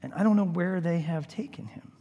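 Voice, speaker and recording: A man voicing a grieving woman who is desperate and indignant, pleading in broken, halting phrases, with a long hall reverb behind him. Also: fairly high pitch, expressive, darkish tone, husky. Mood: exasperated grief. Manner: pleading, breaking into broken restarts.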